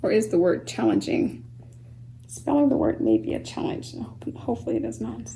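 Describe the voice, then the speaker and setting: A woman teaching a children's phonics lesson, speaking slowly and patiently, sounding out words syllable by syllable and sometimes dropping to a soft whisper. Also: mid-range voice, huge pitch swings, a little hiss or hum, poor audio. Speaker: homeschool teacher.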